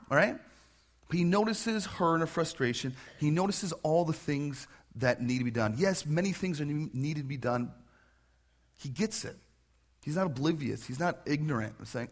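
Male pastor, fairly high voice, chatty and animated sermon delivery. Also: moderate pace, slightly rough. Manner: conversational, animated with questions.

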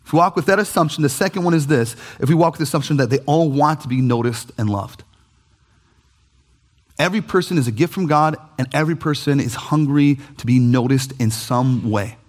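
A man, preaching a sermon as pastor in an animated, conversational way with jokey asides. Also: a little high, fairly quick.

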